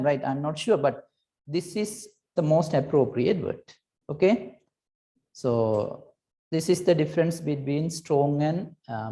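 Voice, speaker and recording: A woman's voice: sits low, dark tone. Patient Sri woman teaching. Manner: patient, explanatory, many "right?" check-ins; hesitant restarts with "uh". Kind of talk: recorded classroom lesson.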